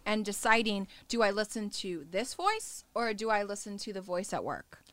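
A woman hosting a podcast, chatting casually, agreeing often and filling pauses with quick yeahs. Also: mid-range voice, very animated, a bit bright, no echo. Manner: agreeable, many affirming yeahs and fillers. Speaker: podcast host. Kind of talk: casual chat.

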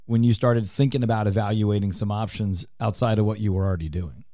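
A man's voice: fairly low pitch, steady tone, fast talker, dark tone, dry recording. A man hosting a radio show in a studio, talking in an upbeat, teasing, salesy way. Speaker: radio show host and real estate team leader. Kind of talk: casual radio talk.

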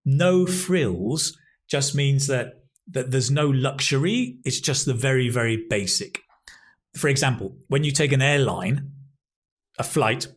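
Speak as a patient male English teacher. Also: medium pitch. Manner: patient, explains word by word. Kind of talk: explaining vocabulary, casual chat.

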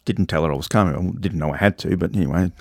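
A man's voice: low-pitched, very fast, no room sound, clean studio sound. A man, telling a travel story in casual chat as podcast co-host, rambling and acting out the voices of people he quotes.

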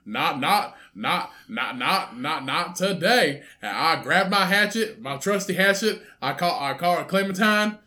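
A man's voice: a little high, lively intonation, measured pace, hardly any pauses, pushed and bright. A man putting on a Southern accent to play a rambling, stoner-like young male hitchhiker who drawls and repeats himself. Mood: drawling. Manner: drawling, repetitive, cheerfully menacing.

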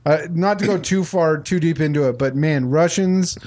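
Guy with a higher voice, jokey casual podcast chat, laughs a lot. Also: normal speed, darkish tone. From Utah. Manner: jokey, laughs often, puts on silly accents. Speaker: podcast co-host.

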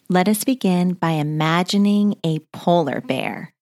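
A woman hosting a children's mindfulness story, gently guiding breathing and movement exercises. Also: on the low side, animated, a little slow, gravelly, few pauses. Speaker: host of children's mindfulness podcast.

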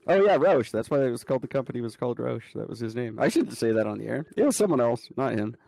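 A man's voice: medium pitch, lively intonation, quick pace, vocal fry, warm tone, dry recording. A man co-hosting a podcast, telling profane, joking stories in casual chat. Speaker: podcast co-host.

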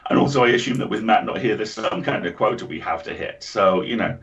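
An English man with a lowish voice chats casually as a podcast co-host. He tells stories with animation and swears freely. The recording sounds dull and lo-fi. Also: quick pace, a crowd in the background. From England. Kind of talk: casual chat.

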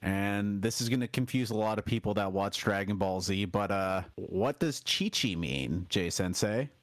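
A man's voice: fairly low pitch, lively intonation, no echo. A man co-hosting a casual podcast lesson, joking and steering through a word list. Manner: joking, drawn-out prompts, leads the word list. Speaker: podcast co-host, learner.

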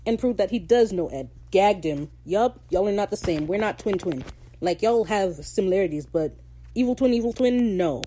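A woman hosting a podcast, recapping a show in casual, sarcastic, animated rants full of slang. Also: medium pitch, normal speed, a little hiss or hum. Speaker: podcast host.

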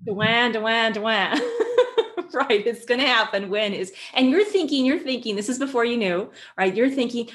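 A woman guest who works with children, explaining her work in an animated way and telling stories. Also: fairly high pitch, moderate pace. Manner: animated storyteller, acts out quotes. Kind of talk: conversational explanation with anecdotes.

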